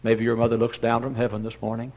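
Give me a folksy preacher telling stories from the pulpit. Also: male voice, medium pitch, quick pace, lo-fi sound. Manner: folksy, animated, with fillers and sudden loud bursts. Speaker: pastor. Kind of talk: storytelling sermon.

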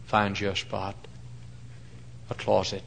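A middle-aged man preaching a sermon, telling folksy stories and swinging between loud mock-pompous lines and hushed asides. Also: lowish voice, completely flat delivery, slow, vocal fry, a little hiss or hum, low-quality recording.

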